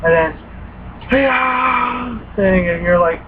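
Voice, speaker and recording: A high-voiced young man tells rambling, profane stories, acting out his own startled reactions. The sound is thin and phone-like, with a faint hiss behind it. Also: moderate pace. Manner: profane, animated retelling with quoted reactions. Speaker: gaming vlogger. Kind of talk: casual rambling story.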